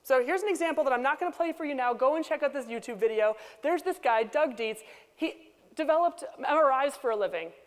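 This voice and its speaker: High-voiced woman giving a keynote. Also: brisk. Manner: lively, conversational, acts out quoted people. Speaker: keynote speaker. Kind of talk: conference keynote speech. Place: conference hall. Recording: reverberant conference hall.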